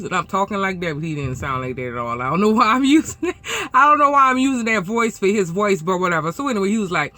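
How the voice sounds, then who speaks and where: A woman truck driver telling a story to her viewers in a blunt, profane, animated way. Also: medium pitch, fast talker. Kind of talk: casual storytelling vlog.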